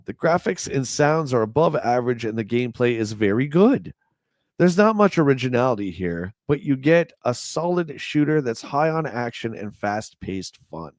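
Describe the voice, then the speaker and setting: A man with a mid-range, sing-song, slightly mellow voice and moderate pace hosts a relaxed livestream. He reads old magazine reviews aloud, jokes wryly, and replies to his live chat. It's a studio-quality recording without echo.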